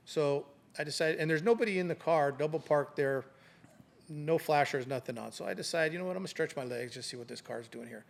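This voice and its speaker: Gravelly middle-aged man telling a story. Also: fairly high pitch, a little fast. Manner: animated anecdote telling, acting out quoted voices. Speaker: retired police sergeant, guest. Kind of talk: casual storytelling in an interview.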